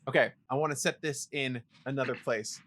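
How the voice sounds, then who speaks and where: A man's voice: mid-range voice, steady tone, a little fast, a bit bright, slight background noise. A man co-hosting a podcast in casual chat, laid-back and joking as he guesses aloud. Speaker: podcast co-host.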